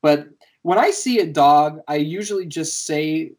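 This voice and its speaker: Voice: medium pitch, measured pace. A podcast host chatting casually, telling stories with lots of laughter and casual swearing. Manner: animated storyteller, laughs often, swears casually. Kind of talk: casual chat.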